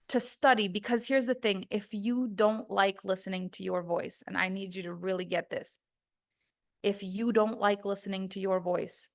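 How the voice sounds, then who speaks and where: A woman voice coach teaching an online course, speaking earnestly and emphatically and acting out what her students say to themselves. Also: mid-range voice.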